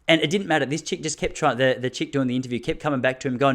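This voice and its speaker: A man's voice: medium pitch, fairly even intonation, rapid-fire, hardly any pauses, a bit bright. Aussie bloke in his 30s ranting on his podcast, blunt and worked up, acts out what people say. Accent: Australian. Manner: fired-up, blunt, laughs often, acts out quotes. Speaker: podcast host. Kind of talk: casual solo podcast monologue.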